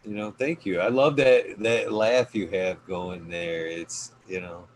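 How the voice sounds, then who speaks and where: Deep-voiced rambling podcast host, man. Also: steady tone, a little slow, slight background noise, poor audio. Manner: rambling, many fillers, warm thanks. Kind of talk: casual podcast chat.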